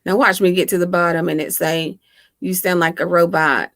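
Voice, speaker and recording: Talking into her laptop mic at home, this woman hosts a relaxed livestream, joking with and teasing her audience while laughing along. She has a lowish, bright-edged voice with a steady tone and moderate pace, recorded dry with clean studio sound.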